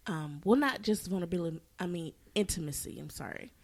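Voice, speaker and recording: A woman co-hosting a faith podcast, explaining her points earnestly and quickly, sometimes correcting herself. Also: lowish voice. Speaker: podcast co-host. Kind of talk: casual faith podcast chat.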